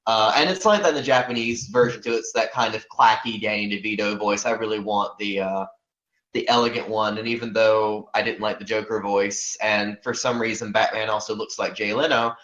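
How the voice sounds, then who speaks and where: A man's voice: lowish voice, steady tone, a little fast, fairly bright tone. Rambling man on a muffled podcast mic. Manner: rambling, with many fillers and hedges. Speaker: podcast co-host. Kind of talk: casual podcast discussion.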